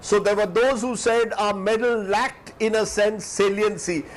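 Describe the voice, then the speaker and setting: A man in his fifties with an Indian English accent, giving emotional live news commentary, teary-eyed and fervent, with halting restarts. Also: high voice, steady tone, low-quality recording. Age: 50s.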